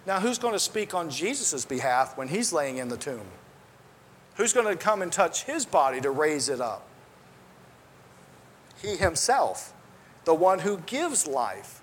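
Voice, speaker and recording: A man's voice: a little high, big pitch swings, unhurried, pauses often, a little hiss or hum. A man preaching a sermon, earnest and conversational, with restarts and asides, quoting scripture in old-style wording.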